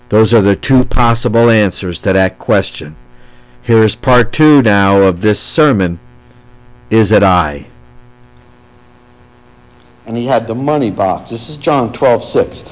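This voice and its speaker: A man's voice: mid-range voice, expressive, slow pace, poor audio. A middle-aged man preaching a sermon, reading scripture aloud and stressing it with emphasis. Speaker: pastor.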